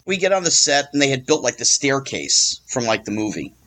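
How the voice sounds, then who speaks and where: A man with a medium-pitched, slightly fast voice tells an animated anecdote as an interview guest. He's lively and acts out the voices of the people in his story.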